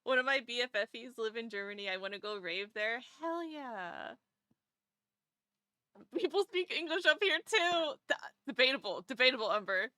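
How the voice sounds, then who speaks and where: A woman streamer chatting casually while drawing, animated, laughing often and swearing casually. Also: a little high, normal speed, no echo, studio quality.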